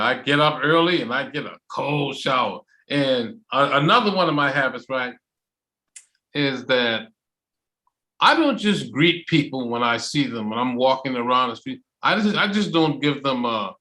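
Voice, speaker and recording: A man hosting an online English chat club over a video call, loud and enthusiastic, stretching out his phrases for emphasis. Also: medium pitch, expressive, normal speed. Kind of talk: motivational casual talk.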